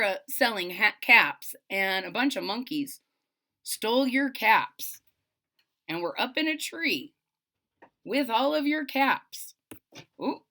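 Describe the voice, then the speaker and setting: Reader: a woman with a high, lively voice, slow and playful storybook read-aloud for kids. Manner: expressive and playful, talks to young listeners. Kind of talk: children's read-aloud with chatty asides.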